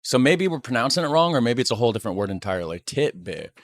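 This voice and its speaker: American man, casual reaction talk, relaxed, chatty, dry close-miked sound. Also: medium pitch, quick pace, no room sound. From United States. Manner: relaxed, chatty, laughs often. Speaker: YouTube reactor.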